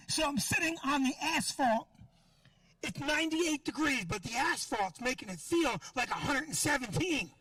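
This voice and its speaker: A man doing a stand-up comedy set outdoors, loud and ranting, shouting his punchlines. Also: extremely high pitch, no room sound, recorded from a distance, poor audio. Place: outdoor parking lot show.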